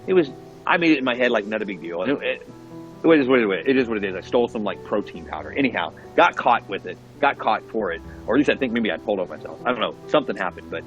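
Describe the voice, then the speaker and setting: Fast-talking earnest man telling his story. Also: lowish voice, highs cut off, soft background music. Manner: earnest, animated, keeps checking in with "right?" and "you know what I mean?"; repeats and restarts words when going fast. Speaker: podcast guest sharing his recovery story. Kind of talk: casual conversational storytelling.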